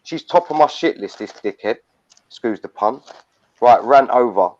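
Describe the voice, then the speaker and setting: In muffled, lo-fi stream audio, an older man rants heatedly and curses a lot during a live chat. His mid-range voice is expressive and somewhat dark, at a moderate pace.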